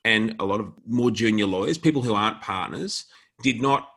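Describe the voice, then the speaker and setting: An Australian man, a law firm director, explaining his views in a measured, deliberate way during a podcast interview. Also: fairly low pitch, creaky, a bit bright.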